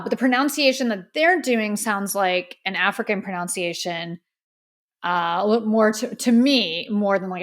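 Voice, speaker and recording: A woman's voice: medium pitch, a bit bright. A woman hosting a podcast, giving a casual, candid music review with plenty of fillers and opinions. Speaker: podcast host.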